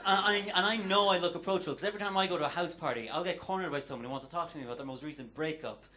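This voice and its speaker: Irish male comic, a touch high-voiced, chatty and hesitant, stage mic in a noisy club. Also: rapid-fire, pushed and bright. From Ireland. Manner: self-deprecating, chatty, with hesitant restarts. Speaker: stand-up comedian. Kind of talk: stand-up set. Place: comedy club stage before a live audience.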